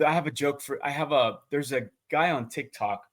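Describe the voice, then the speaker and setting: A man's voice: mid-range voice, normal speed. A man co-hosting a casual chat, talking in a chatty, enthusiastic way that wanders into digressions, on a video call. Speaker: co-host asking questions.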